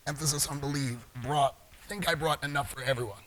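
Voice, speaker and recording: A man's voice: fairly high pitch, a little fast, a bit bright. A middle-aged man giving a live talk in a large conference hall, joking playfully with the audience. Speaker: conference speaker.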